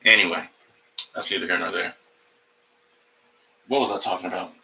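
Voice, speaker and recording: A man's voice: low voice, fairly even intonation, moderate pace, sharp tone, rough recording. A man doing a casual, rambling comedy livestream from home, profane and jumping between topics, talking to his cat along the way. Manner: talks to his cat mid-stream.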